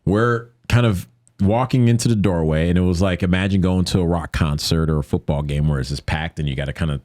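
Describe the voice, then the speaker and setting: A man telling a story as a podcast guest in casual chat, lively and jokey, often acting out what people said. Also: fairly quick, no echo, studio quality. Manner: animated, acts out quoted lines in a higher voice; jokey, conversational with many fillers.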